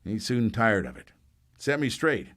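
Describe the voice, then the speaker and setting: A man's voice: fairly low pitch, animated, unhurried, fairly bright tone. An older man reminiscing in a wry, plainspoken way in an archival interview. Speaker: cartoonist recalling his career.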